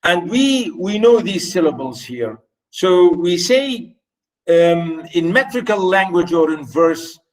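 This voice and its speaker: A man whose first language is Arabic gives a university lecture, sitting a little high in pitch. He takes it very slowly, repeating points and turning to his students. The voice sounds somewhat distant from the microphone. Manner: slow, repetitive, addresses students directly.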